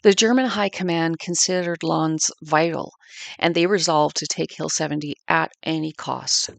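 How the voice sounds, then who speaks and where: Gravelly woman in her 50s telling a family war story, earnest and thoughtful, dry close sound. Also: low-pitched, steady tone, normal speed, no room sound. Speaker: podcast narrator. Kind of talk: scripted history narration.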